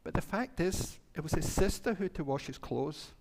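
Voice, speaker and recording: A man telling a story to children during a church service, his voice pitched a little high. He acts out the characters in turn and breaks off to ask the children questions. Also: animated, moderate pace, darkish tone. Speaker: minister. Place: congregation hall.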